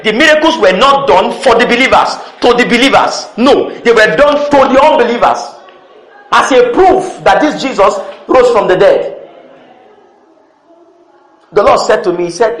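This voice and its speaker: High-voiced preacher in an echoey church. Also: male voice, normal speed, fairly bright tone. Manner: emphatic, repeats key words, calls for responses. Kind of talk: sermon.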